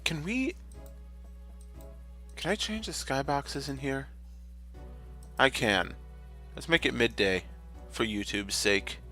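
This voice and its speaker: A gamer hosting his own channel narrates his play slowly, pausing often, in a mid-range, bright, forceful voice with lively intonation. His let's-play commentary is casual, rambling and jokey, and he often corrects himself mid-sentence. Faint music plays behind him.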